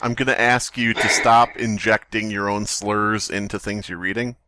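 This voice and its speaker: A man's voice: fairly low pitch, steady tone, moderate pace, sharp tone, a little hiss or hum. A man co-hosting a casual podcast, making dry, sarcastic asides. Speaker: podcast co-host.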